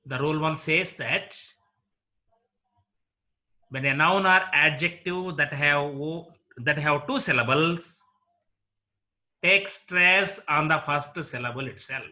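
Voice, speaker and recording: A man lecturing on English word stress at a very unhurried pace, with a slightly high voice. He spells things out carefully and repeats example words one after another, like a teacher drilling a class. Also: sharp tone. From India.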